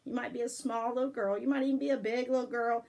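An older woman with a husky voice, gently telling a story and devotional to her grandchildren. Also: on the high side, steady tone, quick pace, low-quality recording. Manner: gentle, affectionate, sings softly. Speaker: storyteller for children.

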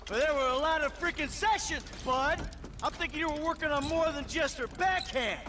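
An actor playing a hot-tempered middle-aged ex-criminal husband who swears and shouts threats. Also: male voice, extremely high pitch, moderate pace, noisy background. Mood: bitter, raging.

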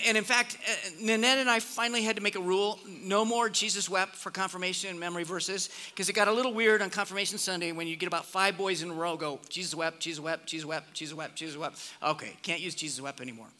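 A pastor from Nebraska preaching a conversational sermon, swinging between lively emphasis and hushed, almost whispered reflection. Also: male voice, high voice. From Nebraska, USA. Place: church sanctuary. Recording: long reverb of a church hall.

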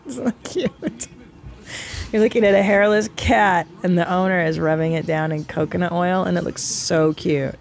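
A woman's voice: lowish voice, steady tone, brisk, vocal fry, hardly any pauses. A woman co-hosting a podcast in casual chat, laughing often and swearing freely as she reacts to clips. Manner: laughing, crude, teasing. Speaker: podcast co-host.

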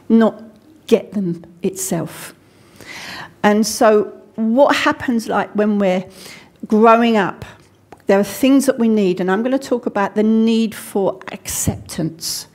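A woman's voice: mid-range voice, a little mellow. An English woman preaching a sermon in a church, talking conversationally with personal stories and frequent restarts. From England.

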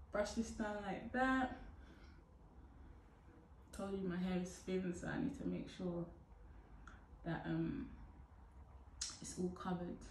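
A young woman talks through a hair routine in a loose, playful way, breaking into loud whoops now and then. She sounds set back from the mic, and the room echoes around her. A faint hiss sits underneath. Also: lowish voice, recorded from a distance. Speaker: hair tutorial vlogger. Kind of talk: casual how-to chat to camera.

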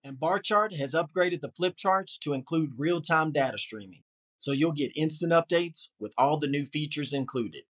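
A man narrating a scripted software tutorial in an upbeat, polished promotional manner. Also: on the high side, normal speed.

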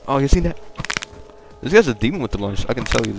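A young man giving casual, profane, joking commentary while playing a game online, rambling and bursting into loud excitement. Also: mid-range voice, fast, vocal fry, over music. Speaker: gaming video creator.

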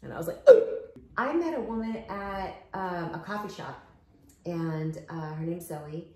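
A woman hosting a casual chat while out walking, telling stories in an animated way and acting out the voices of the people in them. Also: fairly low pitch, moderate pace, echoey room. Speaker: host. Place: outdoors walking.

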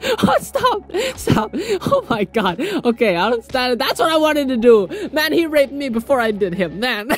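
A young man giving casual gameplay commentary, excitable, yelping, laughing often and swearing freely. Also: high-pitched. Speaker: gaming channel host.

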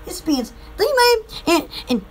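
A woman's voice: extremely high pitch, sing-song, measured pace, a little hiss or hum. A woman with a Southern US accent, from Alabama, chatting on a live stream to sell from her shop, giggly and rambling. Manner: giggly, rambling, easily distracted. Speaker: online shop seller. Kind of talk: casual live-stream chat.

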